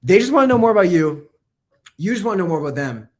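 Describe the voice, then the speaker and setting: A man's voice: sits high, very animated. A man coaching copywriting in a casual, profane live lesson. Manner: casual, profane, fast-talking.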